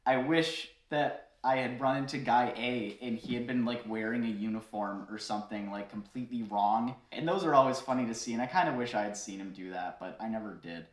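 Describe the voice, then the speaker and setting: A man recounting a story from behind the bar in an easy, chatty way, full of fillers and quick laughs. His voice sits at an ordinary middle pitch. The sound carries a roomy echo. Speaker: bartender telling a story to viewers. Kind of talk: casual storytelling.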